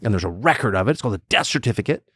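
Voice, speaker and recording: A man's voice: on the low side, lively intonation, rapid-fire, fairly bright tone, slightly rough, dry recording, studio quality. A middle-aged man, a political commentator, talking bluntly and emphatically in a podcast conversation, acting out the voices he quotes. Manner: blunt, swears.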